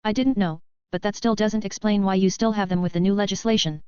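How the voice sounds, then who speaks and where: A woman voicing a tired, guarded young male wizard professor in an audiobook, speaking softly. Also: medium pitch, fairly even intonation, a little fast, smooth, no room sound, natural voice. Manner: guarded, tired and soft-spoken. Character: weary, gentle male wizard professor, young but ailing. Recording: dull, muffled audio.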